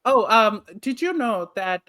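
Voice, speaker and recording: A woman co-hosting a chatty podcast, her high voice swinging up and down as she talks. She is blunt and opinionated, swears freely and laughs a lot. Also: lively intonation, measured pace, over a noisy crowd. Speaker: podcast co-host. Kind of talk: casual podcast chat.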